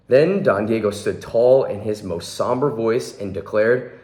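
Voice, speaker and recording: A young man with a fairly low voice reads a picture book to children. He pauses to point out what is happening in the pictures. The recording is roomy and echoing. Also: a little mellow. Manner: adds friendly asides about the pictures. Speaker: children's hospital volunteer reader. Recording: echoey room.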